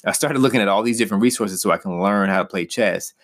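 Young man, very low voice, earnest pastoral teaching, personal, emphatic. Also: fast. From United States.

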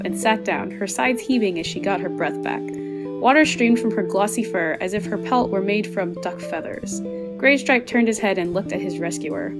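A woman reading a passage from a novel aloud as narrator, in a soft, even voice. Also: medium pitch.

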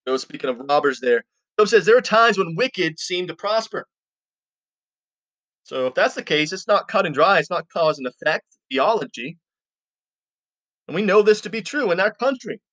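A man with a voice pitched a little above average leads a podcast Bible teaching. He reads scripture aloud and then unpacks it in loose, everyday language, talking to his listeners in a friendly, informal way. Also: expressive, normal speed, a bit bright, no echo. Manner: reads scripture, then explains it in plain casual talk; informal, addresses listeners as "you guys".

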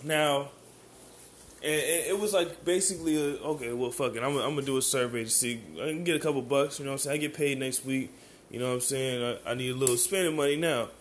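A man's voice: medium pitch, fast talker, a little hiss or hum. An American man in a heated, profane, rambling monologue, often asking "you know what I'm saying". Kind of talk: ranting monologue.

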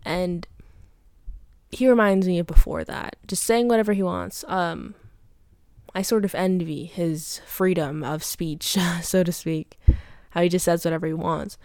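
A woman's voice: on the low side, steady tone, measured pace, darkish tone, no echo, clean studio sound. A young woman talking through a personal diary podcast, rambling and confessional, full of fillers. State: teary.

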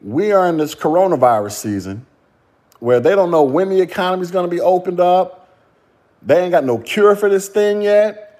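A man's voice: high-pitched, lively intonation, normal speed, a little mellow. A man hosting a solo podcast rant, mocking and profane, laughing and firing rhetorical questions. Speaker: podcast host.

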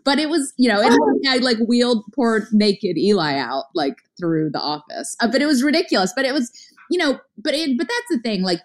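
A middle-aged woman telling a story in casual conversation, talking fast with lots of filler words and acting out what people said. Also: mid-range voice. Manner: fast, chatty, lots of "like" fillers, acts out her own past lines. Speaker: guest, startup founder.

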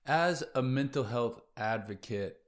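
A man's voice: medium pitch, animated, measured pace. A man hosting a casual interview, attentive and asking open questions. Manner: attentive, brief affirmations. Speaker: podcast host.

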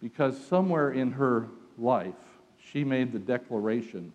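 Male preacher, mid-pitched, dramatic sermon delivery from hushed to loud, reverberant hall. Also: expressive, a little slow, few pauses, lo-fi sound. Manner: dramatic storytelling, swings from hushed to shouting.

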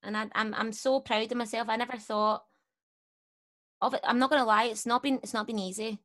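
A woman's voice: a little high, steady tone, fairly quick, fairly bright tone. A young Scottish woman chatting candidly as a podcast guest, rambling and correcting herself as she goes. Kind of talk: casual chat.

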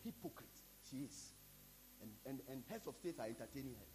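A man with a Ghanaian accent preaching a sermon, building up to shouted lines. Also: mid-range voice, expressive, brisk, noisy background. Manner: preaching, switching between Twi and English, rising to shouts. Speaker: pastor. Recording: with loud music behind.

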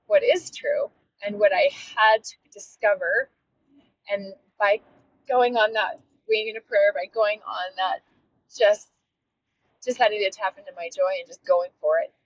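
A woman's voice: medium pitch, a little slow, pauses often. A woman hosting a podcast and coaching fitness, talking in a heartfelt, reflective solo monologue with frequent restarts. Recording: dull, slightly lo-fi with faint noise.

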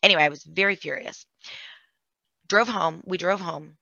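A woman candidly recounting a painful family story in an emotional way, with vocal fry. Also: fairly low pitch, normal speed, sharp tone, no room sound. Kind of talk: personal storytelling. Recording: dull, dry lo-fi sound.

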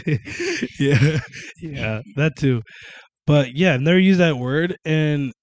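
A young man in casual chat, swearing freely, animated and quick to break into joking impressions. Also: a little high.

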